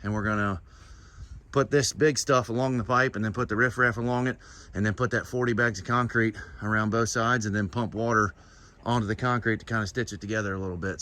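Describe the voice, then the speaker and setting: A man's voice: lowish voice, sharp tone, a little hiss or hum. A man hosting his vlog, talking casually and rambling through his plans with plenty of fillers. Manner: rambling, with many fillers and restarts. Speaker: vlogger host.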